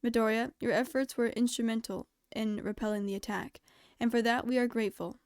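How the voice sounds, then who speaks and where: A woman doing a composed male animal principal, every word measured and precise. His voice sits fairly high, and the sound is close and dry. He stays polite and formal even when he is cut off. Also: no room sound, close to an everyday voice. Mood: calm.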